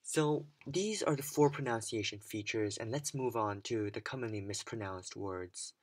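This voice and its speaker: A young man teaching English pronunciation for a speaking exam, with a clear, teacherly delivery that demonstrates stress patterns. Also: lowish voice, moderate pace. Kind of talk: scripted lesson to camera.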